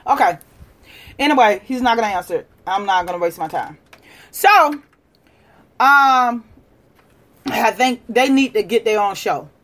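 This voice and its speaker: A woman hosting a livestream, lecturing and challenging viewers in a combative way, moving from shouting to quiet muttering. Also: on the high side, lively intonation, unhurried, long pauses. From United States. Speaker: livestream host. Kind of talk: live-stream rant to viewers.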